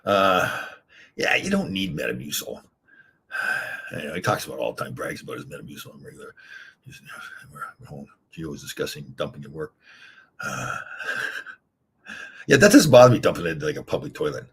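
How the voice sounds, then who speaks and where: A man's voice: very animated, normal speed, pauses often, a bit bright, a little hiss or hum. An older man hosting a casual livestream, rambling candidly through stories and viewer comments, chuckling as he goes. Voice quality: very husky low voice. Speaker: livestream host reading chat.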